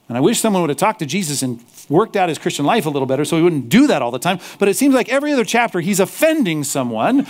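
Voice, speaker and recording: A male pastor preaching a sermon, animated, slipping into mocking apologetic asides. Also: high voice.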